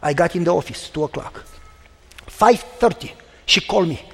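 A male pastor with a very high voice preaches in an animated, emphatic storytelling manner. His voice carries a long reverb from a large hall. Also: moderate pace, gravelly, husky. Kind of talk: storytelling sermon.

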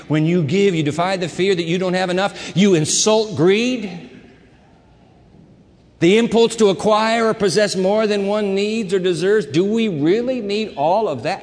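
Emphatic preacher in an echoing hall. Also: male voice, high-pitched, measured pace. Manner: emphatic preacher, repeats words, swings between quiet and loud. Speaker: pastor. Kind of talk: sermon. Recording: long hall reverb.

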